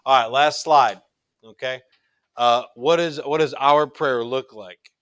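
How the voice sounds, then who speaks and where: A man's voice: mid-range voice, takes it slowly, a bit bright, smooth, no room sound. A middle-aged man teaching a recorded religion class in an earnest, conversational way, often restarting his sentences.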